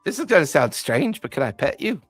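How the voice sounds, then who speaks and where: A man voicing a drunken, grumpy old man who has claimed a ruined tower, rambling and gruff. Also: on the high side, sing-song, fairly quick, dry recording, soft background music.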